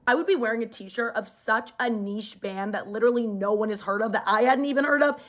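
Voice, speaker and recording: A young woman telling a personal story in a casual storytime, lively and jumping up in pitch when she quotes people, on a phone mic. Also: fairly quick, few pauses.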